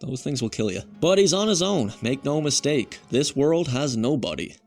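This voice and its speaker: A man's voice: mid-range voice, sing-song, normal speed, a little mellow, faint music behind. A man reviewing an old television episode in a chatty, musing way, full of conversational asides. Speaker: video reviewer. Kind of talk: casual spoken review.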